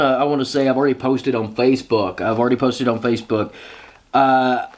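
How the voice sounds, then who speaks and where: A man hosting a casual interview, talking eagerly and repeating himself as he gets emotional. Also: medium pitch. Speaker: host.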